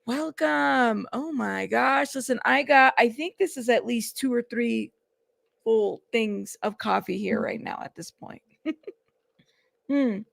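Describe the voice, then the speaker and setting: Woman livestream host, gravelly, higher pitch, dry close sound. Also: takes it slowly, no echo. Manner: greets chatters warmly by name, chatty. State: out of breath. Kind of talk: casual livestream chat.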